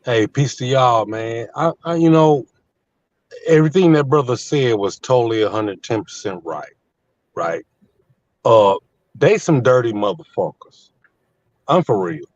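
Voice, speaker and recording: A man's voice: mid-range voice, expressive, a little slow, pauses often, no room sound. A man in his fifties, a guest on a live panel, telling a story in a heated, profane way from his truck on the road. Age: 50s. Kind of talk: casual live panel chat. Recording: dull lo-fi line.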